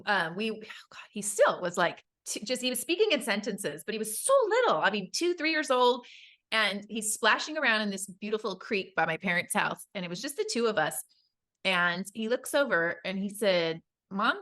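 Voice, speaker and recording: A woman in her thirties co-hosting a casual podcast and telling stories about her children, chatty and animated, with quick laughs. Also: mid-range voice. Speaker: podcast co-host. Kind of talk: casual chat.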